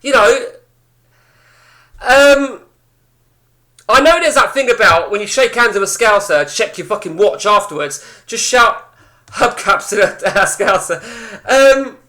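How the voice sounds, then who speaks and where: A man's voice: high voice, expressive, measured pace, pauses often, bright, forceful tone. A man chatting casually to his stream viewers at home, rambling, blunt and swearing a lot. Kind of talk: casual live-stream banter. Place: indoors at home.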